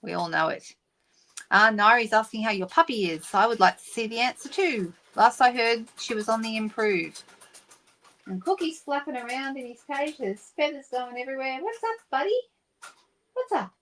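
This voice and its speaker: A woman's voice: fairly high pitch, normal speed, a bit bright, a little hiss or hum. A middle-aged woman hosting a papercraft live stream, chatting casually and greeting viewers by name. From Australia.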